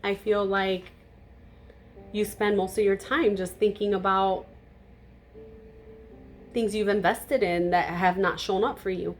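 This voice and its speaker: A woman giving a tarot reading to camera, blunt and emphatic, naturally loud, with casual swearing. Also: mid-range voice, fairly even intonation, slow, long pauses, a little hiss or hum. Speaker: tarot reader.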